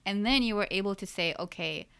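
Woman, slightly low pitch, smooth and clear voice, thoughtful and supportive in casual conversation. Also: a little fast, fairly bright tone.

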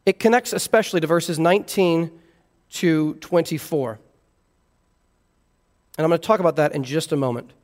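Man, pastor, expository sermon, earnest, high voice, long hall reverb. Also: normal speed, long pauses. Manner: earnest, explaining scripture verse by verse.

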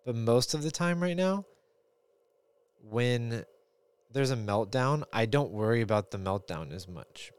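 A man's voice: mid-range voice, animated, unhurried, pauses often, clean tone, no room sound. A man co-hosting a casual podcast chat as a parent, thinking aloud in a rambling way with many fillers.

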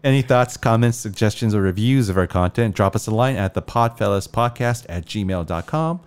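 A man hosting a casual movie podcast, upbeat and running through show announcements briskly. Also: lowish voice, expressive, clear, resonant tone. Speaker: podcast host.

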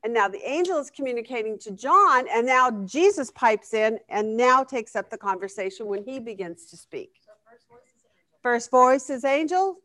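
Higher-pitched woman teaching a Bible class. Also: expressive, normal speed, hardly any pauses, fairly bright tone, dry recording. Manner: conversational, asks the class questions. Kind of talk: interactive Bible lesson.

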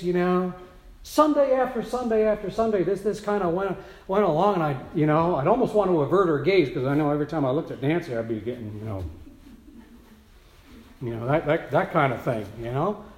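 High-voiced pastor in an echoey church. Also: male voice, fairly quick. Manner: conversational storytelling with many asides. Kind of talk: sermon.

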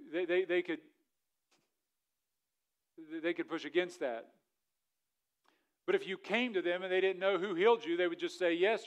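Male pastor, somewhat higher voice, sermon delivery with big dynamic swings and scripture reading. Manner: preaching with rising intensity, then dropping quiet; reads scripture aloud in old-fashioned wording.

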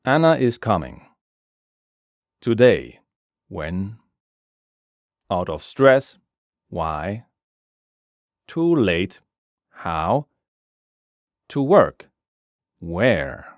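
Slow, lively-voiced male language teacher. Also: deep voice, no room sound, clean studio sound. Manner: slow, measured, explains each word with its translation. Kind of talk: scripted grammar lesson narration.

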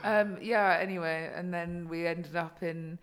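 A woman's voice: fairly low pitch, fairly even intonation, measured pace, clean tone. A woman co-hosting a podcast in casual chat, chatty and sweary, with lots of ums and likes. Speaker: podcast co-host.

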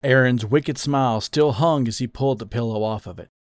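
A man narrating a scripted story in an even, steady reading voice. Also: medium pitch, a little fast, dry recording, studio quality.

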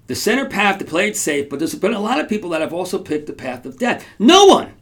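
A man's voice: high-pitched, big pitch swings, quick pace, creaky, fairly bright tone. A man hosting a podcast, telling a story casually to his audience in a rambling way, with restarts and frequent checks like "right?". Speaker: podcast host.

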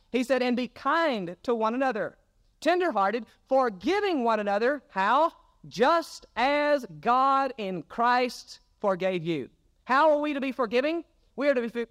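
High-voiced preacher, dry sound. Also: male voice, no echo. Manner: earnest, repeats key phrases for emphasis. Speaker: pastor. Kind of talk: sermon. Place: church sanctuary.

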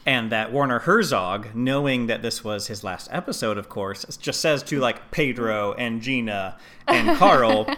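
A man's voice: medium pitch, lively intonation, a little slow, sharp tone. A man co-hosting a podcast in casual chat, with a jokey, playful way of talking. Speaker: podcast co-host.

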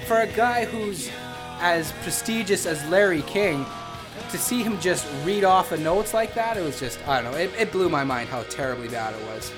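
Slightly higher male co-host, eager wrestling radio chat over music. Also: moderate pace. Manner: enthusiastic, laughs easily.

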